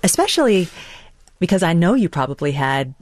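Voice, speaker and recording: An interviewer asking measured, reflective questions about a memoir. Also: mid-range voice, sing-song, no echo.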